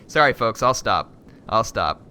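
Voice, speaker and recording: A man live-streaming a strategy game, excitably yelling orders at his units and chatting with viewers. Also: fairly low pitch, measured pace, slight background noise.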